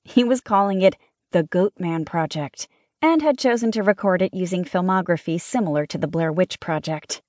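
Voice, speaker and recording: A woman narrating a first-person mystery audiobook in a lively, wry storytelling manner. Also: lowish voice, moderate pace, no echo, studio quality.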